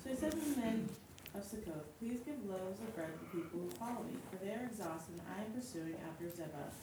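A woman's voice: medium pitch, fast, crowd noise. Woman reading scripture from across an echoey room. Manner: steady, careful reading. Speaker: scripture reader. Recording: distant voice in an echoey room with noise.

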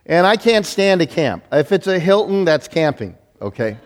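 Animated man preaching in a reverberant hall. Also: a little high, normal speed. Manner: animated, self-deprecating storytelling with many restarts. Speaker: pastor. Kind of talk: sermon.

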